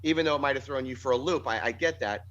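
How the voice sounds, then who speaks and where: A man's voice: mid-range voice, fast, a bit bright. Guy who sings in a band, rambling thoughtfully about songs, kinda dull lo-fi audio. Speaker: band singer. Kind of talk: casual interview talk. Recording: dull lo-fi sound.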